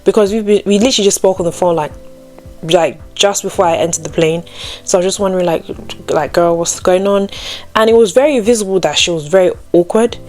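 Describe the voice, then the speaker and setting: A woman's voice: medium pitch, quick pace, a little mellow, faint music behind. A young adult woman telling a personal faith story in a casual, chatty way, full of "like" and "you know", raising her voice when she acts out what others said. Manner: acts out quoted people with a raised voice. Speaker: Christian storytime vlogger.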